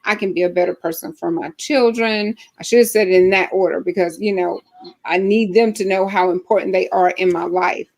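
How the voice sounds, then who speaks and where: A woman's voice: lowish voice, fairly even intonation, a little fast, vocal fry, a little mellow. Earnest woman hosting a video chat. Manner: earnest, encouraging, speaks of her own life. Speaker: host. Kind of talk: casual group video chat. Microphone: video call.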